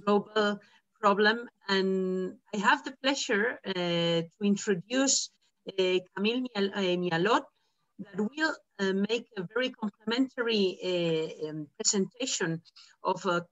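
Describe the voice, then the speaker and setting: A woman introducing a guest speaker as moderator, halting and full of fillers. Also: medium pitch, fairly bright tone, muffled recording. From Spain.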